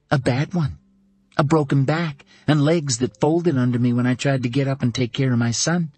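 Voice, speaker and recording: A man's voice: fairly high pitch, a little mellow, slightly rough, no echo, voice pushed up. A man voicing a fierce, fiery woman scolding hard. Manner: mocking then furious, rapid scolding. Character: fierce blunt woman who survived a hard injury, fiery. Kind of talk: audiobook character voice.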